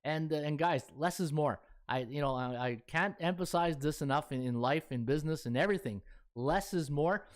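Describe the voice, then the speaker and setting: A man's voice: a little high, moderate pace. A man hosting a sports betting podcast, chatting in a folksy way with lots of fillers. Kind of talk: casual chat.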